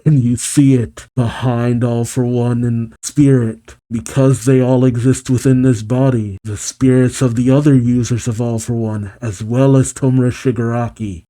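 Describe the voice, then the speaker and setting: A man's voice: mid-range voice, warm tone. A man reading a manga chapter aloud as a reaction host, narrating panels with brief reactions.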